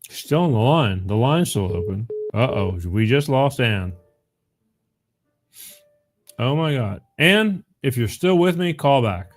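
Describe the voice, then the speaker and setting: A man's voice: medium pitch, big pitch swings, measured pace, long pauses, faint music behind. A man hosting a live call-in show, talking casually and rambling, often repeating the phone number.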